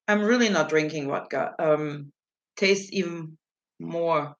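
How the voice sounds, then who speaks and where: A woman hosting a casual livestream answers her viewers' chat messages, rambling, giggling, and poking fun at herself. Her voice is deep and slow.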